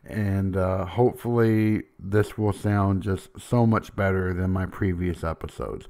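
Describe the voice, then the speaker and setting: A man with a lowish voice hosts his podcast. He speaks in a self-deprecating, hesitant way, filling pauses with ums and uhs. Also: steady tone, creaky, warm tone. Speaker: podcast host. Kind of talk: casual podcast talk.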